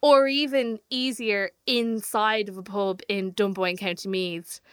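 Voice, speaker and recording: Bright, crisp, woman, chatty, playful guest. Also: medium pitch, steady tone, unhurried, dry recording, studio quality. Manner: chatty, playful, exaggerating for laughs. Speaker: touring musician guest. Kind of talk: casual chat.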